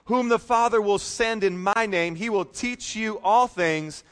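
A man's voice: sits high, measured pace, a bit bright, smooth. A male pastor preaching a sermon, reading scripture emphatically and adding casual, joking asides.

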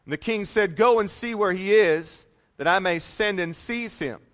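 A male pastor with a high-pitched, slightly bright voice preaches at normal speed. He reads scripture emphatically and drops in casual, joking asides.

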